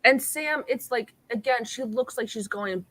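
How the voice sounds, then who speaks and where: A woman's voice: fairly high pitch, measured pace, bright, forceful tone. A young woman co-hosting a podcast, chatting casually through an episode recap with lots of "like" and acting out the quoted lines. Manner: chatty, filler-heavy "like", acts out quoted lines. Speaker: podcast co-host.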